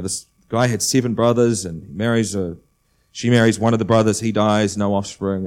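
Preacher, male, lowish voice, conversational sermon delivery with lively emphasis. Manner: conversational, building to animated emphasis. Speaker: pastor.

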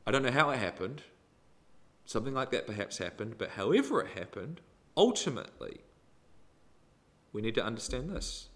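Lively, emphatic man preaching a sermon. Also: mid-range voice, normal speed, pauses often. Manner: expressive, emphatic preaching with sudden rises and drops in loudness.

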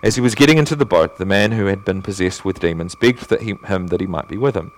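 A male pastor preaching a sermon in earnest, asking rhetorical questions and swinging between emphatic and hushed delivery. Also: low voice, fast talker, a little hiss or hum.

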